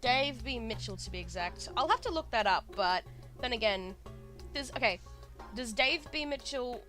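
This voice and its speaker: A woman with an Australian accent, chatting and reacting excitedly while playing a game, swearing freely. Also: fairly high pitch, normal speed. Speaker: gaming streamer. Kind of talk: casual let's-play commentary. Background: game music.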